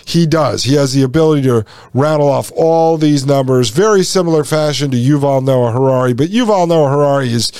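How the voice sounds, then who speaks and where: A man's voice: medium pitch, a little fast, hardly any pauses, a little mellow, clean tone, no room sound. A man hosting a podcast, reading passages from an article and breaking off for sarcastic, folksy asides to his listeners. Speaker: podcast host.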